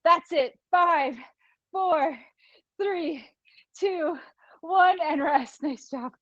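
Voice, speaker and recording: A woman instructor with a high voice leads an online workout at a relaxed pace. She counts down reps, cheers the class on and laughs easily. The sound is dry and a little dull, like a streamed call. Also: drawn-out words, no echo. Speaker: fitness instructor. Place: small studio room.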